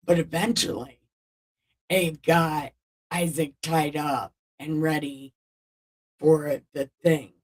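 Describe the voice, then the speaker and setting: A woman's voice: low voice, fairly even intonation, slow pace, pauses often, a little mellow. Irreverent woman retelling Bible stories. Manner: irreverent, swears, loose paraphrase. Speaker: Bible-reading video host. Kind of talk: casual Bible retelling with commentary. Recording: voice a bit distant from the mic.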